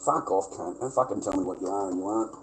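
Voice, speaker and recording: A man with a deep voice talks fast in a low-quality recording, ranting on a casual livestream. He's blunt, sweary, and aggrieved, repeating his points.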